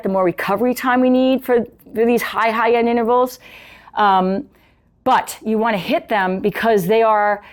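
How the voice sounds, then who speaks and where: A woman's voice: mid-range voice, darkish tone. A middle-aged woman fitness coach explaining workout intensity in a casual, chatty way while demonstrating on an exercise bike, often checking in with the viewer.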